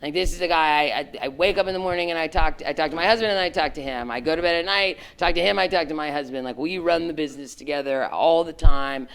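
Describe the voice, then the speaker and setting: Frank middle-aged woman with gravelly fry. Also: deep voice, fast, few pauses. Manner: frank and animated, peppered with "like" and "right?". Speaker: guest speaker, former tech executive. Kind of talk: candid storytelling talk to students.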